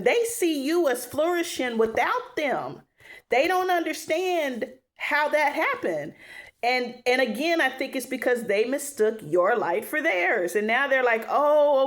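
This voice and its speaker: A woman giving a casual tarot reading to her viewers, chatty and animated, often talking to them directly as y'all. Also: a little high. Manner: animated, chatty, addresses viewers as y'all, acts out inner voices. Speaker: tarot reader.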